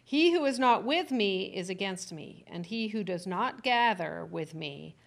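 A woman reading Bible verses aloud in a steady, measured way during a Bible study. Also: medium pitch, vocal fry. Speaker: scripture reader.

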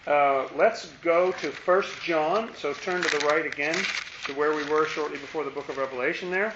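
A man with a somewhat high voice leads an informal Bible study, thinking aloud and posing rhetorical questions. The recording is roomy and muffled. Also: moderate pace, noisy background.

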